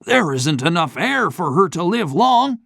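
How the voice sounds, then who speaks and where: Narrator doing a shaky old banker. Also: male voice, high voice, animated, moderate pace, no echo, clean studio sound, voice pushed up. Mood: shaken. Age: older. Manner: shaky, groaning. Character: old male banker, proud, shaken. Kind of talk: audiobook character voice.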